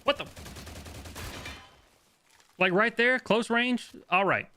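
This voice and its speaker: A young man streaming a shooter game, talking fast and loose as he plays, swearing, laughing and answering chat. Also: very high-pitched, sharp tone, a little hiss or hum. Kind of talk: live gameplay commentary.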